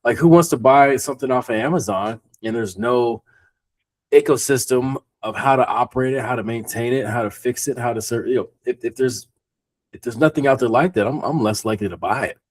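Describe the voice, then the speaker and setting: Male podcast host, husky voice, mid pitch, emphatic casual talk. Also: a little fast.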